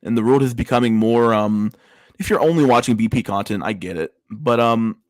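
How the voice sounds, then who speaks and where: A man's voice: mid-range voice, brisk, no echo. A man hosting a casual livestream, reacting to memes with crude slang-heavy banter. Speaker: livestream host.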